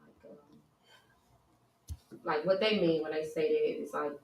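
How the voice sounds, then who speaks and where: A woman's voice: sits low, unhurried, a little mellow. A woman in the audience asking a hesitant question, full of fillers. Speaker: audience member. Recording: roomy, far from the mic.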